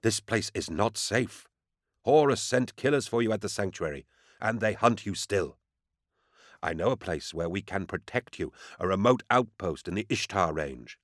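A man voicing a grim, dutiful male warrior captain who speaks in a firm, deliberate, commanding way. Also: fairly low pitch, animated, no echo, clean studio sound, close to an everyday voice. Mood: resolute.

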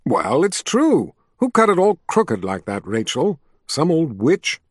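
A man's voice: fairly high pitch, wildly swooping pitch, unhurried, no echo, studio quality, heavily acted. A male audiobook reader voicing a playful grown man who teases and jokes in a bantering way. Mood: teasing. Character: teasing playful grown man, warm with children.

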